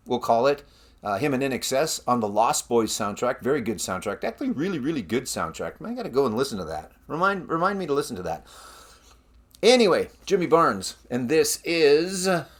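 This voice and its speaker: A Canadian man hosting his own record-collecting vlog, chatting casually with rambling asides about the albums he shows. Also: mid-range voice. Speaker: record collector channel host.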